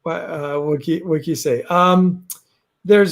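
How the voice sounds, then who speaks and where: A man's voice: fairly high pitch, a little slow, creaky. A man hosting a casual livestream chat from home, rambling with lots of fillers and restarts. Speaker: host. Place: home, fireworks outside.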